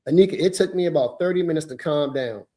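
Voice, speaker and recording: A man in his fifties, a podcast host telling a story in an emphatic, animated way. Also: on the high side, quick pace.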